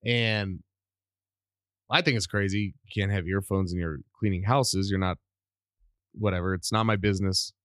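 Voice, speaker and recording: A middle-aged man hosting a casual solo podcast, rambling and animated while under the weather with a cough. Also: low-pitched, normal speed, pauses often, dry recording, studio quality. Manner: rambling, animated, self-deprecating. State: sick with a cough. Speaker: podcast host.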